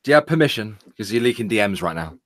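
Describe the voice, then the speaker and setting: A man's voice: lowish voice, animated, racing, fairly bright tone, dry recording. A man co-hosting a casual live stream, with a dry, wry humor. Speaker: co-host. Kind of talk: casual chat.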